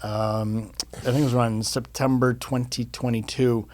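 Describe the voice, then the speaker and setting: A man in his fifties, appearing as a podcast guest, tells a personal story in casual interview conversation, animated and repeating words as he goes. His voice is medium-pitched and his speed normal.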